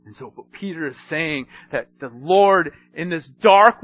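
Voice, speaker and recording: A man preaching a sermon, swinging between hushed asides and emphatic storytelling. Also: a little high, a little slow, few pauses, no echo.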